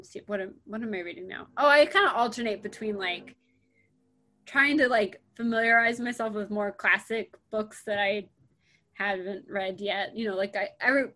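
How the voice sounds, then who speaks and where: A young American woman in casual conversation, talking in halting stretches full of fillers and restarts. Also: mid-range voice, a bit bright. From United States. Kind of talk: casual chat.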